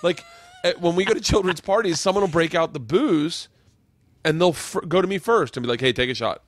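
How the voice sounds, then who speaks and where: A man's voice: high voice, brisk, no echo, studio quality. A man hosting a podcast in casual chat, telling swearing anecdotes and acting out the people in them. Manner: animated storytelling, acting out quoted voices; swears freely. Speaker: podcast host.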